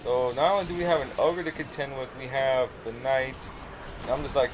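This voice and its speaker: A man talking loosely through a replay of his own game, narrating each move in a rambling, chatty way. His pitch sits in the ordinary middle range. The game's sound effects run clearly underneath him. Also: brisk, noisy background. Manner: casual, rambling, play-by-play. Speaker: gamer, channel host. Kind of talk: gameplay commentary voice-over.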